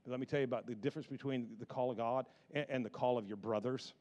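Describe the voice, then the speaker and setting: A man preaching a sermon in an animated, repetitive style that builds in emphasis. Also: medium pitch, fast talker, muffled recording.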